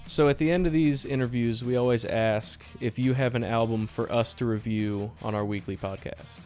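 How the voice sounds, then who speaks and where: A man hosting an interview and putting his routine closing question in a steady, matter-of-fact way. His voice sits at a middle pitch, with light music faintly underneath. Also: normal speed. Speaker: interview host.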